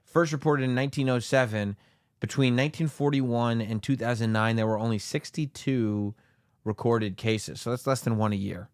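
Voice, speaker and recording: A man's voice: medium pitch, normal speed, no room sound, studio quality. A man co-hosting a podcast, reading out facts and teasing his co-host in casual chat.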